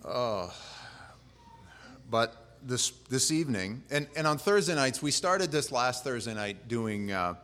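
A man preaching as a pastor, speaking in a relaxed, plain-spoken way that wanders with fillers and restarts. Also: medium pitch, slow. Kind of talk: casual conversational sermon. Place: church. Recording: long reverb of a church hall.

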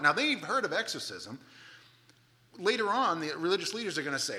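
Animated, bright-voiced male preacher. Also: on the high side, moderate pace. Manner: animated, emphatic, conversational. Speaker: pastor. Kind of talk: sermon.

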